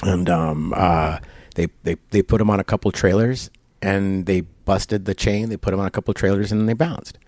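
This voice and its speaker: A man with a low voice talks at normal speed in a dry recording. He's the interviewed guest at a barber shop, an animated storyteller who rambles through a long tale casually, heavy on fillers and imitating the people he quotes.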